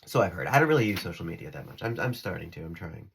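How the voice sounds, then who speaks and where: A man's voice: low-pitched, expressive, fast talker, vocal fry, a little hiss or hum. A man talking to his phone camera in a rambling spiritual vlog, giggling and restarting his sentences as he drifts between topics. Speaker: spiritual vlogger.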